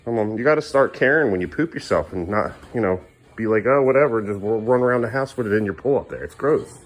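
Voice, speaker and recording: A man's voice: fairly low pitch, lively intonation, quick pace. A man filming a casual home vlog, coaxing his small son along and chatting to the camera at home at night. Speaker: father filming his family.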